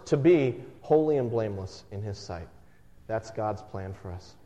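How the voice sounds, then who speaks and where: A man in his thirties preaching a sermon in a conversational, animated way, with self-deprecating humor. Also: medium pitch. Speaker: pastor. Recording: muffled sound from a reverberant hall.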